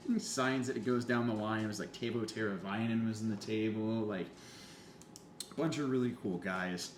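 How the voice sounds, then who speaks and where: A man's voice: on the low side, big pitch swings, moderate pace. A young man telling a story in casual chat, swearing freely and acting out the people he quotes. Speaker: podcast guest. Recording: echoey room with faint hum.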